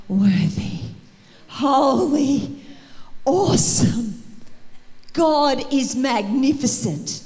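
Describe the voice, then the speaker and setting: A woman preaching an energetic sermon in a church, rallying the congregation and calling for responses. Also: a little high, long reverb tail. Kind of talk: sermon to a church youth service. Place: church hall.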